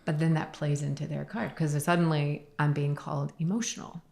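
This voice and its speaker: A woman's voice: deep voice, flat delivery, a little fast, vocal fry, warm tone, echoey room. A woman guest on a podcast, a company founder, sharing her experience in an earnest, emotional storytelling way. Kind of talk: candid podcast conversation.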